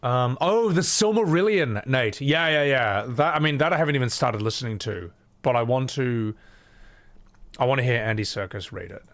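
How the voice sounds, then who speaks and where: Male streamer, gravelly, casual and loose-tongued. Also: medium pitch, normal speed, a bit bright. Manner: chatty, loose, swears casually. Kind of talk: casual live-stream chat.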